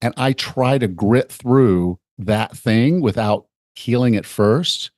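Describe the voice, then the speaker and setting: A man's voice: mid-range voice, slow, a little mellow, no room sound, studio quality. A middle-aged man hosting a fitness podcast, explaining ideas in a chatty way and acting out little examples. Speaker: podcast host and fitness coach. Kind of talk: conversational interview.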